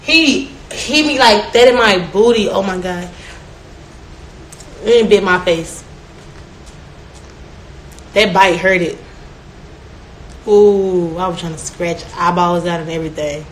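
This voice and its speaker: A woman's voice: on the low side, slow pace, pauses often. A young woman telling stories in a casual chat, brash and profane, often laughing. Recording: echoey room with faint noise.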